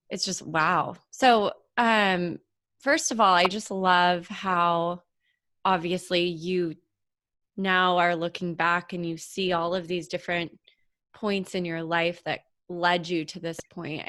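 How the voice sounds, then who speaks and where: A woman hosting a podcast interview, reacting warmly and gushing over her guest. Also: lowish voice, steady tone, slow, no room sound, clean studio sound. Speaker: podcast host. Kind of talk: interview conversation.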